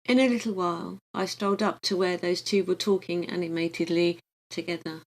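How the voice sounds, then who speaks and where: A woman reads a visionary book aloud as an audiobook. Her telling is calm and gentle, and her voice sits a little low. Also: a little fast, rough recording. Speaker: audiobook reader.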